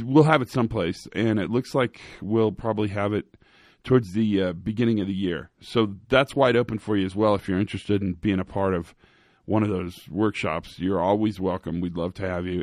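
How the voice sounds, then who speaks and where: A low-voiced man hosts his own podcast, talking loosely and joking at himself between ums and restarts. He speaks close into a studio microphone, and the sound is dry, with no room around it. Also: moderate pace, no echo. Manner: rambling, self-mocking, with frequent fillers and restarts. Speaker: podcast host. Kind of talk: casual podcast monologue.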